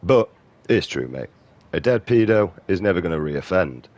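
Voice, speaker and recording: A man's voice: deep voice, very animated, normal speed, a little mellow, dry recording. A British man in his thirties ranting profanely as he comments over his gameplay. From Britain. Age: 30s. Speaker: gaming streamer.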